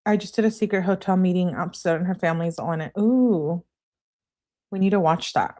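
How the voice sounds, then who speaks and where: A woman's voice: on the low side, a little fast. A woman hosting a live stream, reading out text messages and chatting casually with viewers between them. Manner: reads texts aloud in an animated way, chats to live viewers. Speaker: true-crime channel host.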